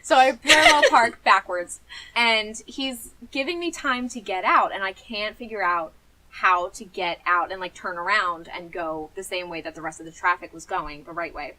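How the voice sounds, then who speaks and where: A woman's voice: medium pitch, moderate pace, sharp tone, low-quality recording. A woman, telling a story on a casual podcast and acting out the voices she quotes. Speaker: podcast co-host. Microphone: podcast mic.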